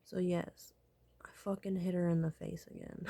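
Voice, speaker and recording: Husky-voiced woman, casual vlog storyteller, profane and whispery. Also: lowish voice, little pitch movement, moderate pace, dark tone, dry recording. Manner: profane, rambling, often drops to a whisper.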